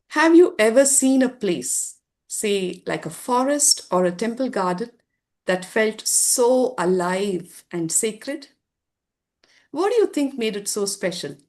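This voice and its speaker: A woman giving a slow, earnest slide presentation to an audience in a conference room, with some fillers. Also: medium pitch. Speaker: presenter at a summit session.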